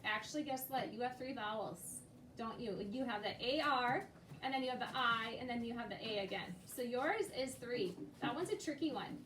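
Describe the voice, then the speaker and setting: Teacher, woman, high voice, patient questioner, recorded from afar in a noisy classroom. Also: moderate pace, fairly bright tone. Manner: patient, prompting questions to students by name. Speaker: second grade teacher. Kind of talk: classroom instruction. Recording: echoey classroom, distant noisy mic.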